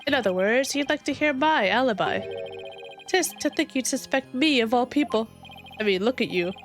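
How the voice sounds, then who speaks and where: A vain, preening dandy from a video game, all haughty airs and theatrical scorn, as a woman voices him. He talks in a raised, higher voice, puffed up with self-importance. Faint game music plays underneath. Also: lively intonation, normal speed. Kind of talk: fan voicing of game dialogue.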